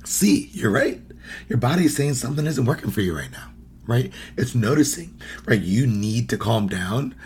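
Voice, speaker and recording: A man's voice: mid-range voice, sing-song, normal speed, darkish tone, slight background noise. A man hosting a podcast, talking casually as he teaches, quizzing listeners, laughing often and acting out quoted phrases. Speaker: podcast host.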